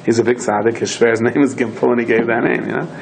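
In a Torah lecture, a rabbi tells stories at a fast clip, acting out his characters and shouting their quoted lines with animated flair. His mid-range voice carries vocal fry, and there's background noise behind him.

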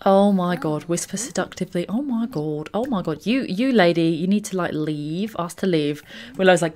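Pitched in the middle range and moving at a moderate pace, this young let's play host gushes over the game, her commentary excitable and packed with exclamations.

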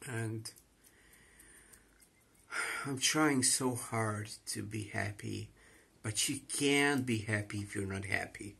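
A man with a Croatian accent speaks in a low, husky voice, distressed and rambling as he repeats himself. It is an emotional confessional vlog monologue. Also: slow pace, pauses often, a bit bright. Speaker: vlogger.

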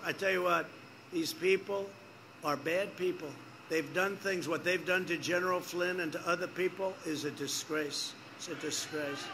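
A man's voice: sits high, bright, forceful tone, a little hiss or hum. A man gives a rambling, repetitive campaign rally speech outdoors, making emphatic asides to the crowd. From United States. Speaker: politician speaking at a rally.

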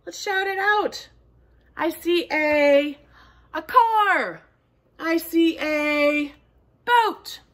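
A woman's voice: extremely high pitch, extremely slow, pauses often, fairly bright tone. A woman reading a picture book aloud to toddlers, with lots of gasps and sing-song calls for the children to join in. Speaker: children's storytime reader.

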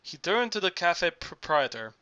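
A man's voice: sits high, sing-song, moderate pace, pushed and bright, highs cut off. A man reading an audiobook aloud, with frequent slips and restarts. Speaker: audiobook reader. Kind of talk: audiobook narration.

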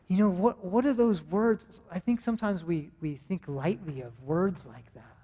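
A man's voice: high-pitched, moderate pace, hardly any pauses, warm tone. A man in his thirties with an American accent, preaching a sermon in an earnest, conversational way, often restarting his sentences. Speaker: pastor. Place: church sanctuary. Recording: long reverb of a church hall.

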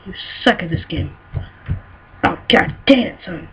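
A man giving excitable let's play commentary, scolding himself and shouting exclamations as he plays. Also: sits high, a little slow, creaky, slightly rough. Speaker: gamer. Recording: dull lo-fi recording with faint noise.

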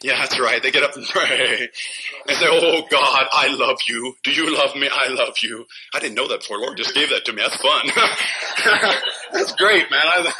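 A pastor preaching a fiery sermon in a church, scolding his listeners and bursting out loud now and then between chuckles. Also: mid-range voice, moderate pace, crowd noise. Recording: noisy old sermon recording.

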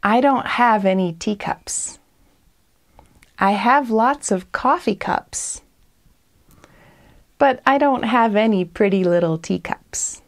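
Very slow American woman teaching English. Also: medium pitch. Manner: very slow, deliberate, explains pronunciation. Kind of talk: beginner language lesson.

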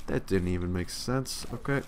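A man's voice: deep voice, moderate pace, slight background noise. A young man giving casual gameplay commentary, profane, sarcastic and tired, grumbling at the game. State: yawning, tired. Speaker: let's play commentator.

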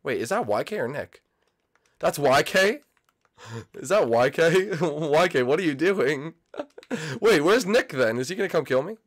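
Young guy gaming, jumpy and excitable, chatting at viewers, keys clacking behind. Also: on the high side, measured pace, pauses often. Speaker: gaming channel host. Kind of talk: casual gameplay commentary.

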